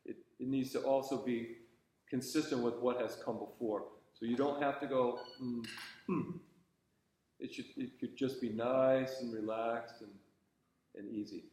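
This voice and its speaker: A man's voice: mid-range voice, steady tone, normal speed, a little mellow. Guy giving conducting pointers, patient and encouraging, lots of ums, big echoey rehearsal room. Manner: patient, encouraging, thinks aloud with fillers and restarts. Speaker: conducting teacher. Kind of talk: coaching a student in a class.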